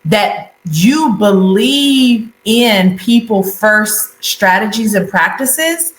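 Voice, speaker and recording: A woman guest talking about her consulting work in an interview, animated and laughing often. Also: medium pitch, extremely slow, roomy sound, poor audio. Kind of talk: conversational interview.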